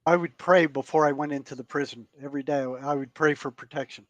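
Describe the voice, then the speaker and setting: A man telling a story as a podcast guest. His voice sits a little high for a man, and he sounds earnest, halting and prone to repeating himself. The recording is dry and close, with no room sound. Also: steady tone, no room sound, muffled recording. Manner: earnest, halting, repeats words while recounting. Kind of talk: storytelling in conversation.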